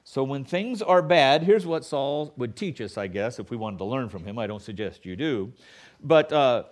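A man preaching a sermon as pastor, animated and sarcastic, acting out the excuses of others. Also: mid-range voice, normal speed. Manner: animated, acts out quoted voices with sarcasm.

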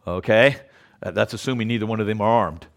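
A man's voice: on the low side, fast. A man preaching in a conversational style, who often repeats words and checks in with his listeners. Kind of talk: conversational sermon.

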